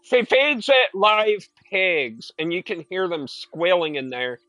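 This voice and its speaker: A man's voice: sits high, expressive, slow, bright, forceful tone, no echo. A young man streaming a game, telling rambling, profane stories in casual chat. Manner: rambling, profane storytelling with filler words. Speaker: gaming streamer. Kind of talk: casual chat while gaming.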